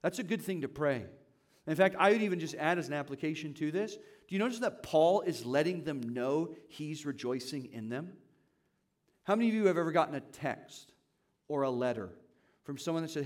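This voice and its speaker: A man with a fairly high voice delivers a sermon to his church. He talks in a relaxed, conversational way. He keeps asking the congregation questions as he teaches. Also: a little fast. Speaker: pastor.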